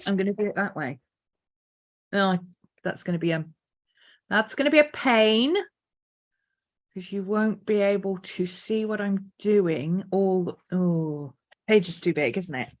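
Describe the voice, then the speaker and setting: A woman artist thinking aloud as she sketches, unhurried, now and then cooing to her dog. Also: medium pitch, expressive. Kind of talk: casual art vlog narration. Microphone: desk mic.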